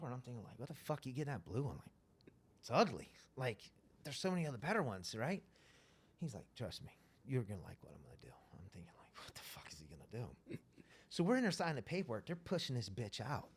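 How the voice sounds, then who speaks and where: A man telling a wild story as an interview guest, animated and profane, rambling casually. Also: medium pitch.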